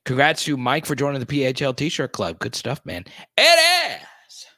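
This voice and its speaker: Guy hosting a chill livestream, bright punchy voice, dry close sound, gets loud greeting chat. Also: mid-range voice, a little fast, no echo. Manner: excitable, greets chatters loudly, many restarts. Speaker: host.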